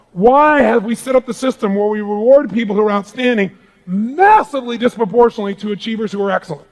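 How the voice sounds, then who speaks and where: A man giving an emphatic motivational talk to a live audience in a large room, calling for responses from the crowd. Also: very high-pitched. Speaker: motivational speaker.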